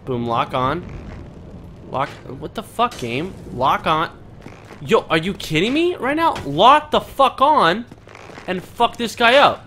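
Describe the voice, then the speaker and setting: A young man giving let's play commentary, excitable and panicky, swearing and trash-talking the enemies as he plays. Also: sits high, takes it slowly, slight background noise. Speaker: gaming commentator.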